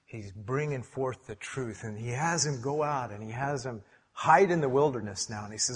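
An older man preaching a sermon, telling stories in a lively way and acting out the characters. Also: mid-range voice, normal speed. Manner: animated storytelling, acts out voices. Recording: long hall reverb.

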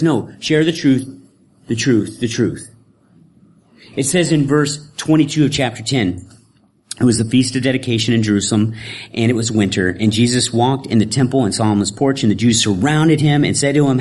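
A man's voice: medium pitch, normal speed, darkish tone. Man preaching a casual sermon. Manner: informal, with frequent asides. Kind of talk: conversational sermon.

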